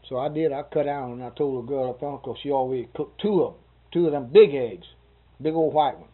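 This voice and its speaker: A man's voice: mid-range voice, brisk, husky. A man, telling a long, rambling story about a doctor's visit with chuckles and quoted dialogue. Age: 60s. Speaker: interviewee. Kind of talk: casual storytelling. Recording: tinny phone-like recording.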